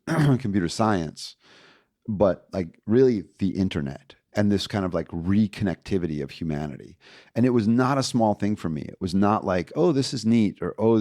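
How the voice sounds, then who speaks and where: A middle-aged man from Indiana, a podcast guest telling stories from his past in a casual, animated way and acting out the people he quotes. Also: deep voice, no room sound, clean studio sound. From Indiana, USA. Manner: animated storyteller, acts out quoted voices. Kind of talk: casual storytelling interview.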